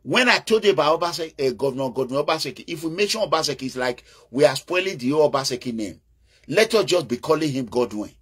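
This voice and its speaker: A man's voice: fairly high pitch, lively intonation, quick pace, a bit bright, husky. A Nigerian man with an Edo accent, giving an emphatic casual political monologue, mixing in Pidgin and breaking into calls. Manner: emphatic, bursts into chanting and calls, mixes in Pidgin. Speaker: political commentator.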